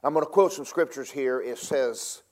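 A man preaching a sermon in a folksy, emphatic way, swinging between loud and soft and fast and slow for effect. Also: mid-range voice. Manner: folksy, emphatic, varies loudness and pace for effect.

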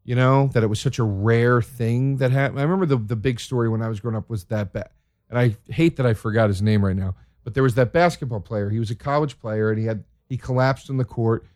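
A man's voice: medium pitch, fast, darkish tone, no room sound, clean studio sound. A man hosting a podcast, ranting in a casual comedic monologue with plenty of swearing and exasperation. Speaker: podcast host.

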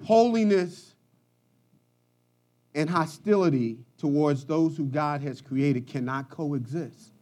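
A man preaching a sermon, swinging from quiet, low asides to loud, shouted passages. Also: takes it slowly. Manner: preaching with rising shouts and dramatic swings in volume. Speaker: pastor.

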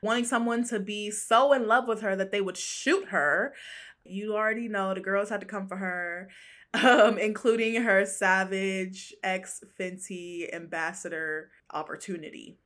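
Female solo podcast host with a bright, forceful voice, gossipy and chatty, quick to laugh and say honey. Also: medium pitch. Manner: chatty, slangy, laughs often, calls listeners honey. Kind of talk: casual solo pop-culture chat.

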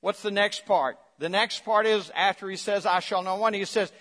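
Emphatic pastor preaching in a reverberant hall. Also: male voice, fairly even intonation, moderate pace, hardly any pauses. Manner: swings between loud emphatic preaching and low quiet asides; coaxes the congregation to respond. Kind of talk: sermon. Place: church sanctuary.

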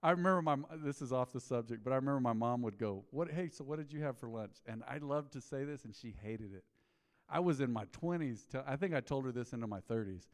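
A man's voice: mid-range voice, quick pace. A middle-aged man preaching a sermon, telling folksy stories and peppering his talk with "man". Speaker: pastor. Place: church sanctuary. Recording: long reverb of a church hall.

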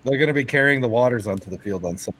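A man co-hosting a podcast, talking sports in a casual, excited way, halting often with fillers and restarts. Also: medium pitch, poor audio. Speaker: podcast co-host.

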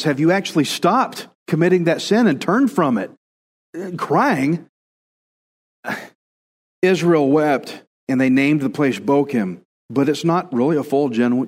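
A man's voice: a little high, long reverb tail. A male pastor preaching a conversational sermon, now and then acting out quoted voices.

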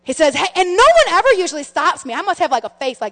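Woman pastor, middle-aged, high voice, lively storytelling sermon in a reverberant hall. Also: fast. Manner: animated storytelling, many restarts, addresses the congregation as friends. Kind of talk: sermon with personal stories.

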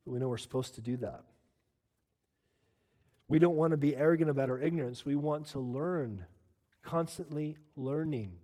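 A man preaching a sermon as pastor, emphatic, often urging "listen" and climbing to loud peaks. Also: a little high, normal speed, pauses often, big-room sound.

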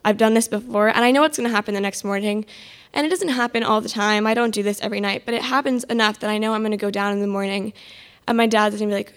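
A woman's voice: mid-range voice, steady tone, fast talker. A teenage girl telling a personal story in an exasperated, sarcastic, self-mocking way. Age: mid-teens.

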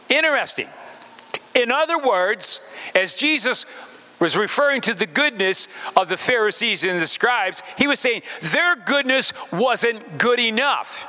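High, bright-voiced man preaching. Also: lively intonation, unhurried, big-room sound. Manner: speaks straight to the congregation with questions. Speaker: pastor. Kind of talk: sermon.

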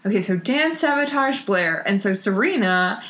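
A woman co-hosting a podcast over a remote call, retelling a TV episode in an animated, chatty way. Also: mid-range voice, normal speed. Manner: chatty, animated retelling with lots of "like" and quoted lines. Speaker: podcast co-host recapping a TV show. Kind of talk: casual chat.

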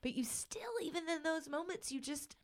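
A woman's voice: high-pitched, normal speed. A woman co-hosting a casual podcast chat, talking in an earnest, gushing way. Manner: earnest, gushing, fond of quoting people. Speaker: podcast co-host.

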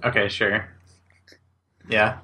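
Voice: mid-range voice, level tone, slow, pushed and bright, husky. A player in a tabletop game, talking casually and thinking aloud.

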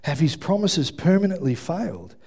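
A man preaching a sermon in a church, telling lively stories and acting out quotes with self-mocking asides. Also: fairly high pitch, normal speed. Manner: animated storytelling, acts out shouted quotes, self-deprecating asides. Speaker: pastor. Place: church hall with congregation.

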